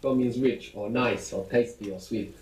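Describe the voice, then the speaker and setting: Patient male language teacher, mellow tone, on echoey speaker playback from a distance. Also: medium pitch, fairly even intonation, moderate pace. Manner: patient, explanatory, guiding questions. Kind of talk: recorded audio lesson. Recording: echoey audio played from a speaker across a room.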